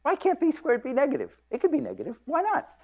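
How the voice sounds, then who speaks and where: Man squeaking as an indignant young student. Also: wildly swooping pitch, fast, darkish tone, exaggerated voice. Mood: incredulous. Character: bright, indignant young male undergraduate student.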